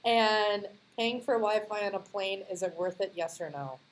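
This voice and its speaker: A woman hosting an interview, firing off quick questions in a playful way and laughing often. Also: medium pitch, slight background noise, poor audio. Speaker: interview host.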